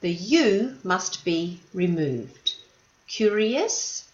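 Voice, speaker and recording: A woman teacher walks learners through an English lesson at a slow, deliberate pace, her pitch rising and falling in a lively way as she patiently stresses each syllable. The recording has a roomy echo and a slightly dull, muffled tone.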